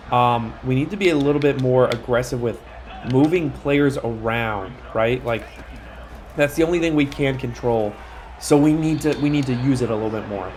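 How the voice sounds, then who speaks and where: A young man narrating his own football video game match, talking through plays and groaning loudly when they go wrong. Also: medium pitch, a little hiss or hum. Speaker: gaming YouTuber. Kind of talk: live game commentary.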